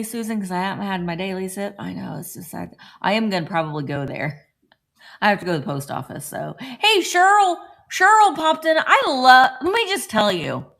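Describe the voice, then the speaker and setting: Her mid-range voice is bright and forceful as this middle-aged vlogger chats on a morning live stream from home. She greets viewers by name along the way.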